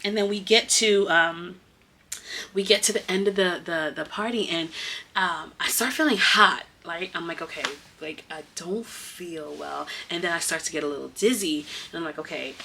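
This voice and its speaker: A woman who teaches kindergarten tells a story in a casual, animated vlog and speaks straight to her viewers. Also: normal speed, a little hiss or hum. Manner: animated, emotional retelling with big swings in pitch; casual, addresses viewers as y'all.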